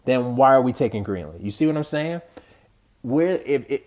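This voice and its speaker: An exasperated man from the United States hosts his own podcast, talking loosely and bluntly. He rambles, swears and circles back on his sentences as he goes. His voice sits at an ordinary middle pitch for a man. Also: expressive, normal speed, darkish tone. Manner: exasperated, rambling, frequent restarts and slang. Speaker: podcast host. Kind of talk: casual political commentary.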